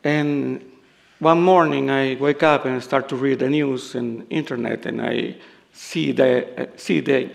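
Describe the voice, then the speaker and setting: An older man from El Salvador with a Salvadoran Spanish accent, a native Spanish speaker preaching a sermon in halting English, humorous and self-deprecating, laughing often. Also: mid-range voice, steady tone, gravelly. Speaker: guest preacher.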